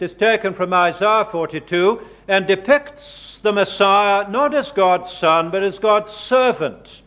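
Male preacher, measured sermon delivery, high voice, muffled old recording. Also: animated, fairly bright tone. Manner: slow, deliberate preaching with dramatic emphasis on quoted words.

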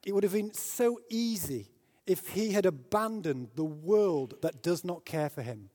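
A man from Britain preaching a sermon, telling a story and building to loud, emphatic peaks. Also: high-pitched, expressive, a little slow. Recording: long hall reverb.

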